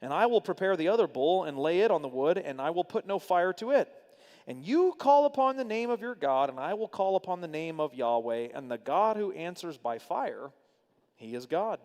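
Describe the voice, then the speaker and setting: A man's voice: sits high, big pitch swings, moderate pace, a little mellow, big-room sound. A man voicing a bold, defiant male prophet as he reads scripture aloud, proclaiming and sometimes mocking. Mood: challenging.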